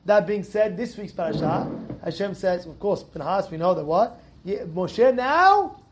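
A man's voice: sits high, expressive, unhurried, noisy background. A man giving an informal Torah lesson, full of rhetorical questions and repeated, restarted words. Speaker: Torah teacher.

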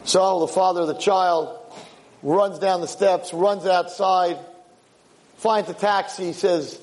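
A man giving a religious lecture, telling a story in an animated way and acting out the characters' words. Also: high voice, slow pace, low-quality recording. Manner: animated storyteller, acts out quotes. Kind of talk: sermon storytelling.

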